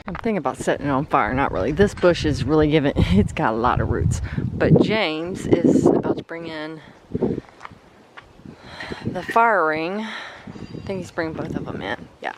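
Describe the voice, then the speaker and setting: A woman's voice: low voice, lively intonation, moderate pace. Chatty woman vlogging outdoors, noisy. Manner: chatty, thinking aloud while working. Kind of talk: casual yard-work vlog. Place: outdoors in a backyard garden. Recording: loud outdoor noise.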